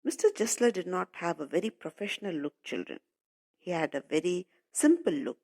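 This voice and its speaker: A woman teaching a literature lesson to young pupils. Her voice sits on the lower side, yet it rises and falls a lot as she goes. She explains patiently, repeating and rewording each line for the children. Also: big pitch swings, brisk, a little mellow. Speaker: English teacher. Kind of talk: explaining a story to schoolchildren.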